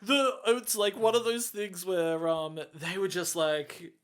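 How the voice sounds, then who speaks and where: High-voiced man joking about a film. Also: steady tone, clean tone. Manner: playful, quick with absurd jokes. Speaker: podcast co-host. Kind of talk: casual chat.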